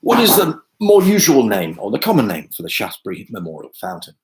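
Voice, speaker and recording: A man's voice: on the low side, wildly swooping pitch, quick pace, darkish tone, rough recording. A man hosting a pub quiz from home on a video call, chatting and joking with lots of fillers. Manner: chatty, jokey asides, many fillers. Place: home room.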